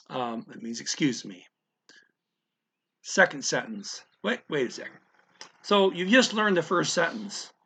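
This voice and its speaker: In a casual language lesson, a man with a slightly high, sharp-toned voice explains things step by step, often checking in with "okay?" and "right?".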